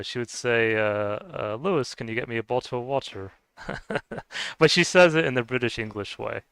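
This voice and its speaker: A man's voice: medium pitch, gravelly, a bit bright, clear, resonant tone, no room sound, poor audio. A man streaming a game, chatting casually to viewers and rambling with many restarts. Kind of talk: casual chat while gaming.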